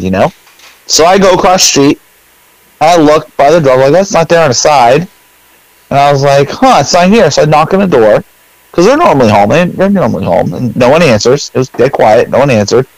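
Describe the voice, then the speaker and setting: A middle-aged man tells a rambling story on a podcast, his pitch jumping up whenever he acts out what he said. The voice sits in a medium register. The recording is close and dry, with no room sound. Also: no room sound, low-quality recording. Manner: animated storyteller, acts out his own lines; rambling with many fillers. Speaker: podcast co-host. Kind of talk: casual storytelling chat.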